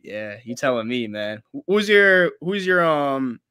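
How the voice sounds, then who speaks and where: Young guy co-hosting, bright crisp voice, dry close mic, animated and slangy. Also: mid-range voice, measured pace, no echo. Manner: animated, opinionated, casual slang. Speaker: co-host and student sports writer. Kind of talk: casual sports talk.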